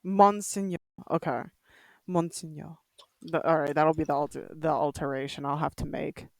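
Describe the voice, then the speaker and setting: A woman's voice: sits low, level tone, moderate pace, creaky, no echo. A woman streamer chatting casually while gaming, laughing often and joking about herself. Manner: laughs often, self-deprecating.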